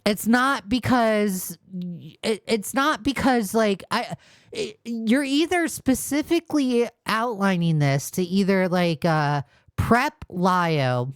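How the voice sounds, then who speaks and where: A woman's voice: medium pitch, clear, resonant tone, no echo, studio quality. A woman hosting a casual reaction commentary, sounding exasperated and rambling, often restarting her sentences. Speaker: commentary host.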